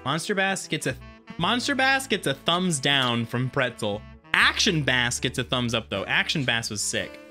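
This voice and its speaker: A game streamer giving casual let's-play commentary, excitable and quick to swear and yelp at sudden scares. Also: medium pitch, faint music behind. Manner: excitable, swears a lot, yelps at jump scares.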